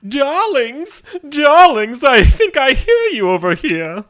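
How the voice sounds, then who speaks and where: A woman voicing a theatrical, elegant high-society lady who gushes in a high, affected voice. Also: big pitch swings, slow pace, fairly bright tone, exaggerated voice. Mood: gushing.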